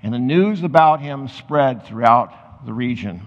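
A pastor preaching a sermon, reading scripture aloud and then explaining it in loose, conversational asides. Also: male voice, mid-range voice, animated, measured pace. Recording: muffled sound with long hall reverb.

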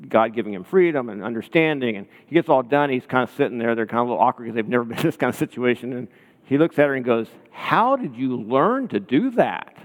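Male pastor preaching, casual storyteller, asks the room questions, long hall reverb. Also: medium pitch. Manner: conversational, storytelling, checks in with listeners. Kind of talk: sermon.

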